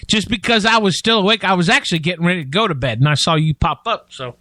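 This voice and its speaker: A man co-hosting a podcast keeps up a teasing, laughing banter in casual chat. His voice sits a little high. The sound is dry and close, with no room in it. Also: fast, sharp tone, dry recording. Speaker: podcast co-host.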